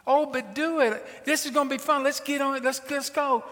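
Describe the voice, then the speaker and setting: A man's voice: fairly even intonation, brisk, bright, forceful tone. A man voicing a pushy, impatient mother who coaxes her child in a raised, insistent tone. His voice rings in a reverberant hall. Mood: coaxing. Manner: high coaxing insistent tone.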